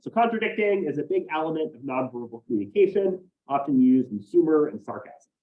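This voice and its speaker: Man, college instructor, classroom lecture, animated delivery, somewhat high pitch, muffled lo-fi sound. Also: a little fast. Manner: explanatory, often tags sentences with "right?".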